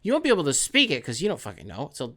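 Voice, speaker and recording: Man, young adult, podcast host, casual rambling monologue, lively pitch, bright tone. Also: very fast. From United States. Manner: rambling, profane, conversational.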